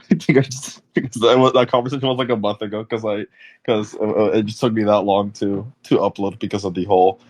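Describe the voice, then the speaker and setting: A man's voice: lowish voice, flat delivery, fast, darkish tone. A young man hosting a casual podcast interview, rambling with many fillers and restarts. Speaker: podcast host.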